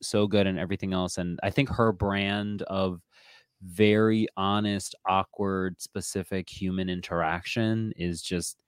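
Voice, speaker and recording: A man's voice: deep voice, fairly even intonation, measured pace, clean tone, dry recording, studio quality. A man co-hosting a podcast, chatting casually about an episode, laughing often and restarting his sentences. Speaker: podcast co-host. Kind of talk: casual recap chat.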